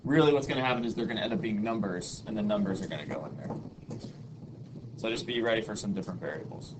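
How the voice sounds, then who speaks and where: A man's voice: fairly low pitch, quick pace. A man teaching a math lesson to a class, patiently explaining formulas and leading the students in rhythmic chants to memorize them. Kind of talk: classroom lecture. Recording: audible background noise.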